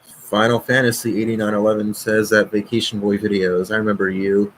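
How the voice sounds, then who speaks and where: A man's voice: on the low side, level tone, brisk, slight background noise, rough recording. A man hosting a live stream, reading out viewer comments and swearing, agitated. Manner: profane, agitated, reads viewer comments aloud. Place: at home.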